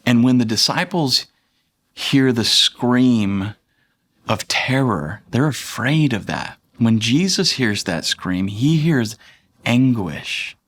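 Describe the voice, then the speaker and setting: A man's voice: mid-range voice, lively intonation, slow, fairly bright tone. Dad-ish pastor in his 30s preaching, chatty and jokey, does little voices for the bible bits. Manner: conversational and playful, acting out voices from the scripture. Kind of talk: sermon.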